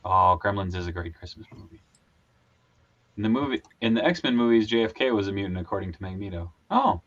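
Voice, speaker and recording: A man's voice: on the low side, brisk, a bit bright, highs cut off. Laid-back joking male host. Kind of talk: casual chat on a live stream.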